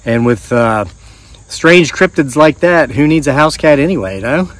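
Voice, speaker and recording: A man's voice: fairly high pitch, lively intonation, a little slow. A man hosting a channel, reading viewer stories aloud with casual joking asides.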